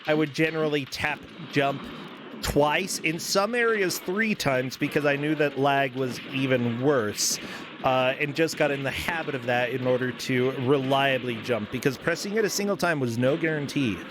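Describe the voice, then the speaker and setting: A man's voice: mid-range voice, moderate pace, background noise. A man commentating a live video game race in a casual, chatty, joking way. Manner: chatty, laughs easily, joking.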